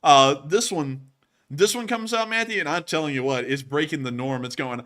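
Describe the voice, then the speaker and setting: A man hosting a casual live stream, excitable and laughing often, with sudden loud exclamations. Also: fairly high pitch, moderate pace. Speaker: livestream host.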